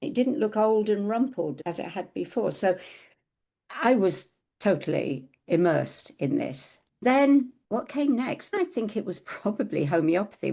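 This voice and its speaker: A middle-aged woman co-hosting a podcast, telling a personal story in a casual, animated way and acting out the quoted dialogue. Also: on the low side, gravelly.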